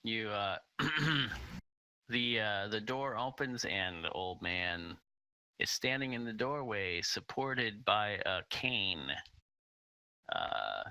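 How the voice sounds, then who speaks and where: A man running a tabletop game as game master, narrating slowly with many pauses and fillers. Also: fairly low pitch, expressive, bright, forceful tone, clear, resonant tone, no echo, poor audio.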